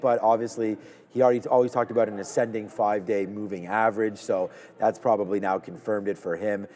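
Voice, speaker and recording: Male trading-stream host, low voice, chatty and upbeat, running commentary, reverberant sound. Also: a little mellow. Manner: chatty, upbeat, thinking aloud while trading. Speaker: stock trading livestream host. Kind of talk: live market commentary.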